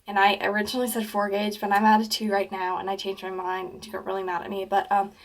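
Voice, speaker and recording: Talking fast in a flat, mid-range voice, this teenage vlogger gives laid-back advice straight to camera. Her chatter is full of "like" and "um," and whenever she quotes a conversation she plays it out with more animated voices.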